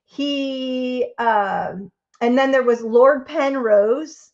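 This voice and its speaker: A woman's voice: sits high, very slow, darkish tone, highs cut off. A woman hosting a live craft stream, chatting casually and rambling as she reads out viewer votes.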